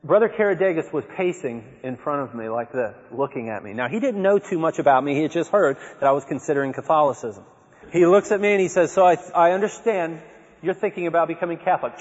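A man with a high-pitched voice gives a personal testimony talk to an audience, telling his story with liveliness and acting out his own remembered words. The hall recording sounds dull and echoey.

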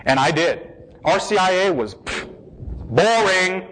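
A man giving an emotional personal testimony, shifting between hushed, slow passages and excited bursts. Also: fairly high pitch, slightly rough, rough recording.

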